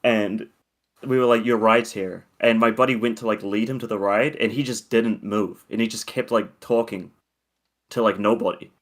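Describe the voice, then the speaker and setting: A young man with a lowish voice spins a long, loose story between frequent laughs. He rambles and swears freely in relaxed podcast chat. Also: normal speed. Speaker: podcast co-host.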